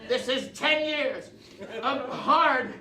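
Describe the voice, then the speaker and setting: With a very high voice and drawn-out words, a man does a live comedy routine before an audience, mocking himself and urging the crowd to cheer along. The sound comes from a distant, roomy mic amid loud crowd noise.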